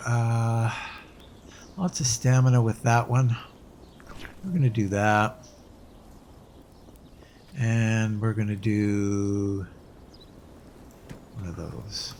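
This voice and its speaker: A man's voice: fairly low pitch, very slow, long pauses, slight background noise. A man casually commenting as he plays a game, musing aloud with hesitant restarts. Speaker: let's play host.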